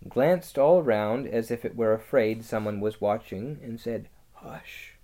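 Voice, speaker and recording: An audiobook narrator reading a children's story in a lively, expressive manner. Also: mid-range voice, unhurried. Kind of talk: scripted narration.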